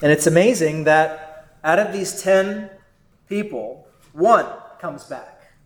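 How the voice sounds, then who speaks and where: Male pastor, slightly high voice, slow deliberate sermon delivery, reverberant hall sound. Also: animated. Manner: measured, earnest preaching with rhetorical "right?".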